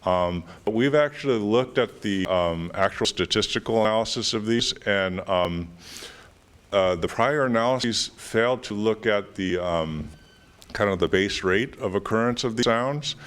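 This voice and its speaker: A man with a very low voice answers audience questions after an academic talk. He thinks aloud as he goes, pausing often and restarting his sentences while he works through the point. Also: fairly bright tone.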